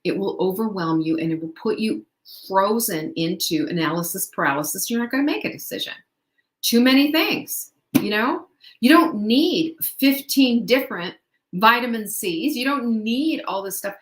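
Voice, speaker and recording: A woman's voice: mid-range voice, expressive, normal speed, reverberant. A middle-aged woman hosting a motivational podcast, upbeat and chatty, full of rhetorical questions. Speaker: podcast host. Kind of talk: motivational talk.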